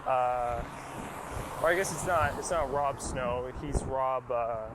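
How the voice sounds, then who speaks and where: A man's voice: medium pitch, takes it slowly. A young man tells a loose, profane movie recap, full of fillers and shrugging dismissals. He is recorded outdoors, with wind buffeting the mic and traffic noise plainly audible behind him. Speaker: podcast host. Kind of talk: casual rambling movie recap.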